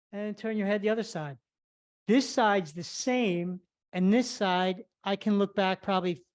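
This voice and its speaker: With a mid-range, darkish voice, a flexibility instructor cues a live online stretching class step by step. She sounds a little out of breath as she goes.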